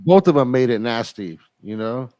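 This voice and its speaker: A young man co-hosting a podcast in relaxed casual chat, often trailing off quietly. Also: mid-range voice, normal speed, dry recording. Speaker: podcast co-host.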